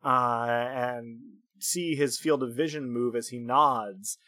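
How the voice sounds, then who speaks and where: A man narrating as game master of a tabletop game, unhurried and full of fillers and laughter. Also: medium pitch, pushed and bright, no room sound. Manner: unhurried, filler-heavy storytelling with frequent laughs.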